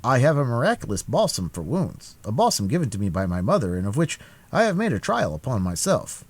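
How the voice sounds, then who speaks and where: A man voicing an earnest young male swordsman from Gascony in a storybook reading, speaking high and politely eager. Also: huge pitch swings, brisk, slightly rough, no echo, heavily acted.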